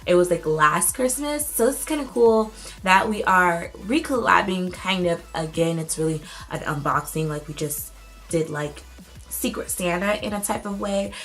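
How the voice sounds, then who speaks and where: A woman beauty YouTuber chatting through a casual unboxing vlog at home. She sounds bubbly and excitable and uses casual slang. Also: lowish voice, moderate pace, faint music behind, poor audio.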